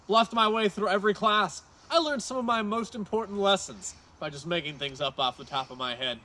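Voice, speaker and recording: A man's voice: sits high, a little fast, pushed and bright. A man acting a pompous, petty corporate boss in a comedic audio drama. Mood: smug. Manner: pompous, ranting, theatrical. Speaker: company boss. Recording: music playing under the voice.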